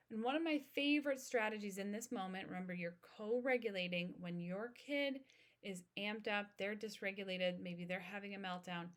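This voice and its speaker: A woman in her thirties talks through an educational podcast episode in a calm, steady voice. Her pitch sits in the middle range, and she explains ideas in an instructive way. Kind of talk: informational podcast monologue.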